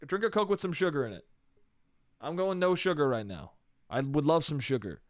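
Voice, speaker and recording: A man's voice: on the high side, expressive, fairly quick, no echo, clean studio sound. A man hosting a solo comedy podcast, rambling in a loose, profane, self-amused way with lots of restarts. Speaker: podcast host.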